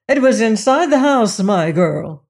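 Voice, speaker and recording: A woman's voice: on the high side, lively intonation, a little slow, a little mellow, slightly rough, voice pushed up, full character voice. A woman voicing a nervous older housekeeper who frets and quavers. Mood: scornful. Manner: fretful, quavering.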